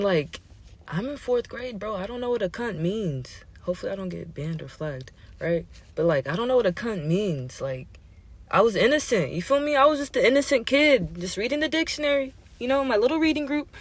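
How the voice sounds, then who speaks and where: A man hosting a casual show, telling a story in an animated, slangy, profane way, often laughing. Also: high-pitched, a little fast. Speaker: host.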